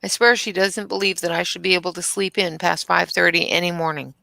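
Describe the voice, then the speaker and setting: Woman, gravelly and bright, casual storyteller, close dry mic. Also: fairly low pitch, steady tone, fairly quick, dry recording. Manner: storytelling, laughs easily. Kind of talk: casual chat.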